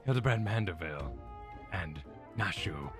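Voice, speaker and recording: A man growling out a creepy gravelly inspector. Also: expressive, moderate pace, music in the background. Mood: menacing. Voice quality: low gravelly rasp. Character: creepy brooding male consulting inspector. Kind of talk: streamer reading game dialogue aloud.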